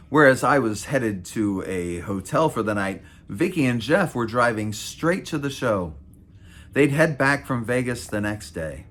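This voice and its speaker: A man's voice: medium pitch, animated, a little slow, a bit bright. A man in his fifties reading his own memoir aloud, with wry, self-mocking asides. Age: 50s. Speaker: author.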